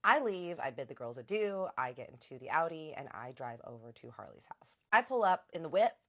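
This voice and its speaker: Chatty woman with a very low voice. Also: sing-song, fairly quick, fairly bright tone. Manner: chatty, lots of quoting and slang. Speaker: vlogger. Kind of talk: casual storytime vlog.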